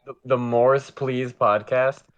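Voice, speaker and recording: A man's voice: medium pitch, steady tone, a little slow, dull audio, a little hiss or hum. A college-aged man co-hosting a casual podcast from his bed at home, adding dry teasing remarks. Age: young adult. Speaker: podcast co-host. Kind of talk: casual chat.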